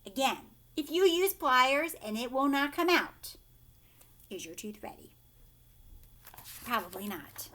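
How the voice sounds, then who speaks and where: Animated woman reading to kids. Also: high-pitched, slow, pauses often. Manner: animated, talks to young listeners. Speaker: teacher. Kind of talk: children's book read-aloud.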